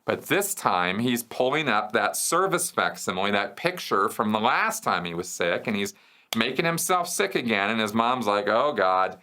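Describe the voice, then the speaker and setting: A man's voice: on the low side, very animated, moderate pace, pushed and bright. A man hosting a question-and-answer show, explaining a concept conversationally and checking in with the listener as he goes. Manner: conversational, checks in with "okay?" and "right?". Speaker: host answering viewer questions. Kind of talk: explanatory casual talk.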